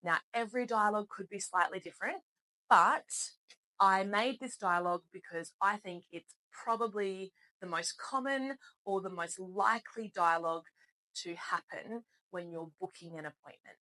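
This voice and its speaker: A woman's voice: medium pitch, normal speed, pushed and bright, low-quality recording. A woman teaching English in a spoken lesson, patient and encouraging as she explains things step by step.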